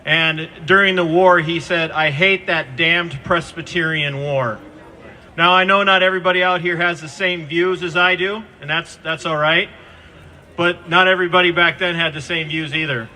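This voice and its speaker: A man giving an impassioned protest speech outdoors into a handheld microphone, fervent and at times shouting. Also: a little high, fairly even intonation, normal speed. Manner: fervent, addresses the governor directly, rises to shouts. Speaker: protest speaker.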